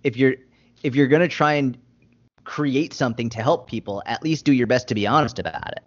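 A man speaks as a podcast guest, a fitness coach who argues bluntly and passionately and swears freely. His voice sits at a middling pitch. The recording sounds dull and lo-fi. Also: brisk. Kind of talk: podcast interview.

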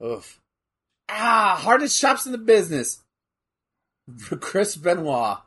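Young man, casual co-commentary, husky, swings all over in pitch. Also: slow. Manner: animated, rambling, swearing, frequent fillers. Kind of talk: casual chat watching wrestling.

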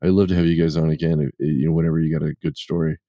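Male podcast host, very low and dark, casual rambling talker. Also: flat delivery, very fast, no room sound, clean studio sound. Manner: rambling, self-correcting, jokey storyteller. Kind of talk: casual chat.

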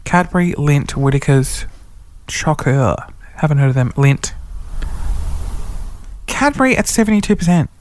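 A hungover man in his thirties, whispering wearily in a dark room during a casual monologue as a podcast host. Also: a little high, expressive, a little slow, long pauses. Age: 30s. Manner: whispering, hushed and weary.

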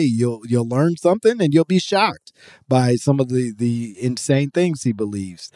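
A man's voice: mid-range voice, lively intonation, normal speed, warm tone, no echo, studio quality. A man hosting a casual podcast chat, explaining at length with many fillers and restarts. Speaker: podcast host.

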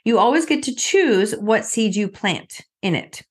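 A woman's voice: mid-range voice, expressive, a little slow, slightly rough. A middle-aged woman coaching her listeners through a motivational talk. She speaks in an earnest way and keeps putting questions to them, with her voice sitting in a middle range.

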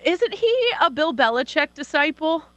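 A woman co-hosting a casual sports betting chat, hesitant and quick to laugh. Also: high-pitched, sing-song, a bit bright, no room sound. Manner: hesitant, laughs often, restarts.

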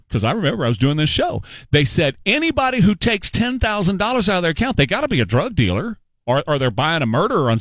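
A man's voice: sits high, a bit bright, dry recording. A man hosting a talk radio show, delivering an emphatic, sarcastic political monologue with rhetorical questions.

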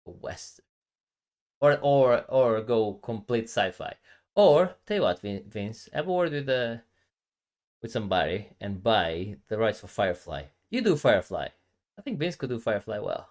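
A man's voice: fairly low pitch, very animated, normal speed, a little mellow. A man co-hosting a podcast, chatting casually and rambling with many restarts and fillers. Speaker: podcast co-host. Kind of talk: casual chat.

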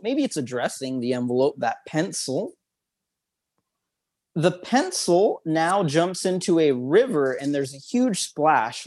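Male guest expert, upbeat teacher's manner, slightly high voice, guiding a visualization. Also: darkish tone. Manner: upbeat, instructive, chuckles often. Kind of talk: guided visualization in an interview.

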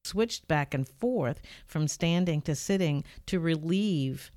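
An older woman hosts her own podcast from a home studio, speaking into a studio microphone in a low voice at a slow pace. She tells a personal story earnestly and reflectively, growing lively as she retells events. There's no room sound, just soft music in the background.

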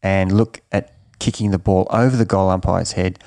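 Low gravelly coach. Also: male voice, steady tone, normal speed, a little mellow, no echo, clean studio sound. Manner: emphatic, repeats words, restarts often. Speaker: triathlon coach. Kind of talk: coaching advice in a podcast interview.

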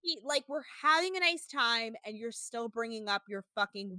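A woman co-hosting a casual recap podcast, talking in an animated way with lots of swearing and acting out what people said. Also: on the high side, moderate pace, no echo. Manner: animated, swearing, acts out quotes in exaggerated voices. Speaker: podcast co-host.

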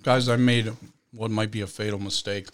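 A man's voice: lowish voice, level tone, normal speed. Profane, joking livestream host guy. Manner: joking, profane, eats while talking. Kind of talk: casual livestream chat.

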